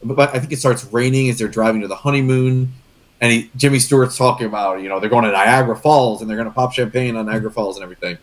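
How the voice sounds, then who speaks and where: A man's voice: medium pitch, quick pace. A young man chatting casually on a podcast, earnest and rambling, getting emotional as he talks. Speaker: guest co-host.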